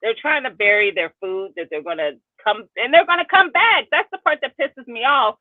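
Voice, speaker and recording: A woman's voice: fairly high pitch, expressive, normal speed, dry recording. A woman co-hosting a gardening live stream, chatting frankly and with emphasis, heard over a remote call line. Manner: frank, emphatic, laughs easily. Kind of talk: casual chat. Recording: dry, tinny phone-like call audio.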